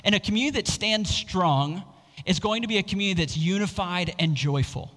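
A man preaching a sermon as pastor, earnest and expressive, stressing scripture lines with feeling. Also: sits high, brisk, in a large hall, poor audio.

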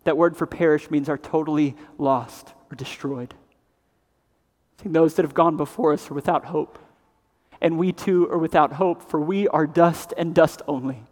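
A man preaching a sermon as pastor, swinging between loud emphatic passages and hushed, grave ones. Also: a little high, steady tone, normal speed. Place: church sanctuary. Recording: long reverb of a large hall.

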